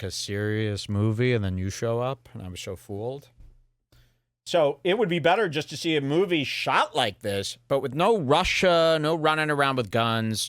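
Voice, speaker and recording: A man hosting a podcast, giving sarcastic, deadpan commentary on film clips into a studio mic. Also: mid-range voice, no echo. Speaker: podcast host. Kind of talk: casual commentary. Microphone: headphones and studio mic.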